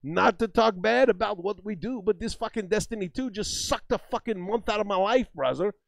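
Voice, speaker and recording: A man's voice: sits high, brisk, gravelly, dry recording. A man co-hosting a game stream, ranting and rambling with lots of swearing and calling listeners "brother.". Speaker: streamer co-host. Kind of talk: profane ranting stream chat.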